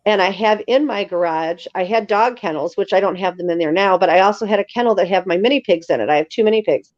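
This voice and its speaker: A woman telling stories as an interview guest in a casual, lively way, acting out other people's lines. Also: mid-range voice, fast, dry recording. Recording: slightly dull lo-fi sound.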